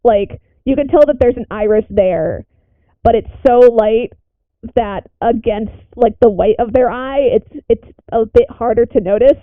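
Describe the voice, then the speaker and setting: Woman player, slow, hesitant narration, dry phone-like sound. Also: on the high side, no room sound. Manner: hesitant, many fillers. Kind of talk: casual tabletop narration. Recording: tinny phone-like call audio.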